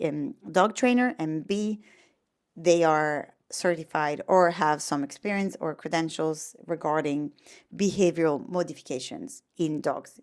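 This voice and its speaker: A woman's voice: deep voice, darkish tone. A woman with an Italian accent, a dog trainer and behaviorist, explaining casually and chattily with lots of fillers and restarts.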